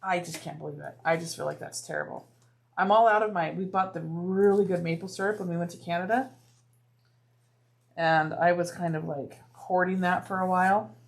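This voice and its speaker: A woman's voice: on the low side, steady tone, moderate pace, creaky, slight background noise. A woman hosting a live sewing stream from a home crafting room, chatting casually with viewers as she works. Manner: chatty, drops to soft asides, playful voices. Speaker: livestream host sewing bags.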